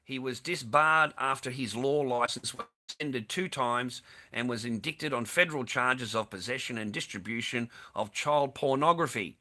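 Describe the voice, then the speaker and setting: A man's voice: mid-range voice, pushed and bright. Sweary, sarcastic man ranting. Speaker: online streamer. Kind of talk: ranting commentary on news clips.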